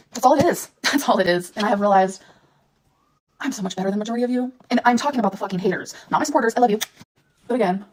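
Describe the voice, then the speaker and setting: Fast, heated woman ranting on phone. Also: on the high side, poor audio. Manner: angry, exasperated, heavy swearing. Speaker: vlogger. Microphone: phone held close.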